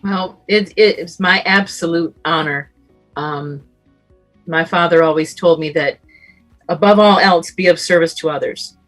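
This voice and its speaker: A middle-aged woman with a lower voice talks earnestly as a seasoned radio host. She offers help in a warm, storytelling way. Faint music sits quietly behind her. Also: a little slow. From Southern California. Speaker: radio talk show host and guest speaker. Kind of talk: casual panel conversation.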